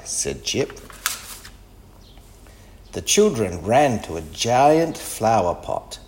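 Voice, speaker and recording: Slow, sing-song male storybook reader. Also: fairly low pitch, big pitch swings, darkish tone. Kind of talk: children's story read-aloud.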